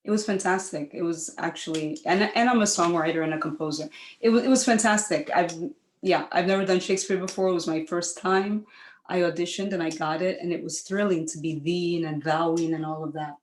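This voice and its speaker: Lively woman guest on a video call. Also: fairly low pitch, reverberant, low-quality recording. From Dominica. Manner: lively, quick, laughs easily. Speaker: guest singer and poet. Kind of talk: casual video call chat.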